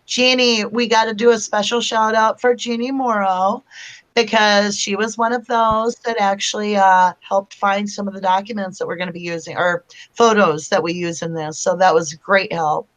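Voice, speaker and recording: A woman's voice: mid-range voice, steady tone, normal speed. Chatty woman hosting a live chat. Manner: chatty, greets viewers and reads their comments aloud. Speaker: host of a live chat show. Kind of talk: casual live-stream chat.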